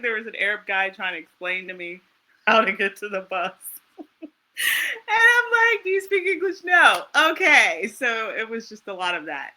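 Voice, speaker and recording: An American woman telling travel stories in casual chat, animated and laughing often. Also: medium pitch. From United States. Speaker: interview guest.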